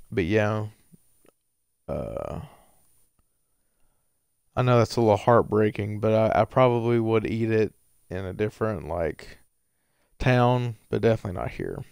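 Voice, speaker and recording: Guy rambling through a story to his viewers, low gravelly voice, lots of ums and restarts. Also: dry recording, clean studio sound. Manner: rambling, full of fillers and restarts. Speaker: streamer answering viewer questions. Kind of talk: casual storytelling.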